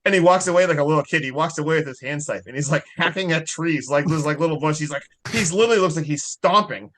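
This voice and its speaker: A man's voice: on the high side, fast talker, a bit bright. A man co-hosting a podcast, chatting casually and animatedly as he retells movie scenes, with lots of "like". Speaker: podcast co-host. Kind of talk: casual movie review chat.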